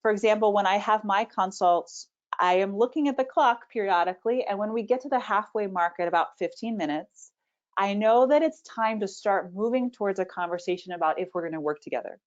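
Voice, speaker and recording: A woman's voice: medium pitch, brisk. Confident woman coaching over a video call. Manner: confident, animated, demonstrates intonation. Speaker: public speaking coach. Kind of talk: webinar Q&A answers. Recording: slightly dull video-call audio.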